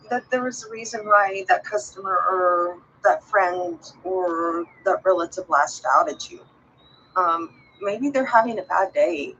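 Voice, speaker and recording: A woman's voice: on the low side, fairly bright tone, lo-fi sound, slight background noise. A woman vlogger talking to her viewers in a casual, heartfelt way, rambling and earnest as she encourages them.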